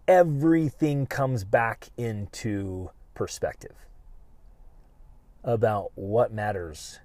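Man, middle-aged, American, earnest storytelling, frequent restarts, dark mellow tone. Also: on the low side, dry recording. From United States. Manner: earnest, halting, many restarts. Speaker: podcast co-host. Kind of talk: personal storytelling.

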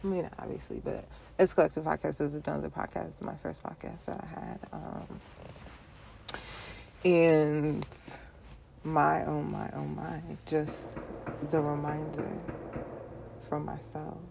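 A woman hosting her own solo podcast, talking to the listener in a relaxed, reflective way with playful asides and frequent laughter. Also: deep voice, a little slow, gravelly, long pauses, a little hiss or hum. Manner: playful, laughs often, talks to listener directly; casual speech with repeated phrases. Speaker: podcast host.

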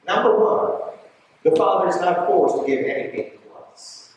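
Emphatic preacher in an echoey church. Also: male voice, high voice, normal speed, far from the mic, a little hiss or hum. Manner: emphatic, repeats lines, checks in with the congregation. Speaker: bishop preaching a homily. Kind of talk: sermon.

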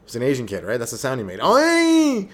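A young man doing a rambling, profane comedy monologue as a stand-up podcast host, who keeps breaking into quick acted voices and yells. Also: mid-range voice.

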